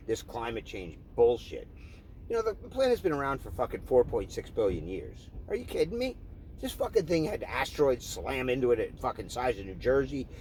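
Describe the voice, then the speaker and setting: A man's voice: mid-range voice, a little mellow, a little hiss or hum. A man delivering an angry, profane political rant, heated and repetitive. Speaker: vlogger.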